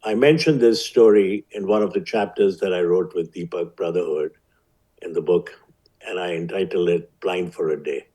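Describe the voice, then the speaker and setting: A man in his seventies with an Indian accent, a physician telling his life story as a guest in an interview, measured and vivid. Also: low-pitched, warm tone, husky, poor audio. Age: 70s.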